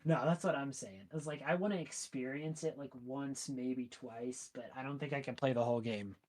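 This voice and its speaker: A man's voice: medium pitch, normal speed, a little mellow. Chatty young man telling stories. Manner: chatty, leans on "like" and "right?". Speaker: podcast guest. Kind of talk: casual podcast chat.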